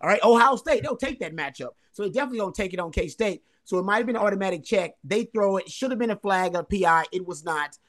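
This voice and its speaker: A man's voice: high-pitched, expressive, fast talker, hardly any pauses, fairly bright tone. A man co-hosting a sports podcast, analyzing a football game in casual talk and stressing points by repeating phrases. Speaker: co-host.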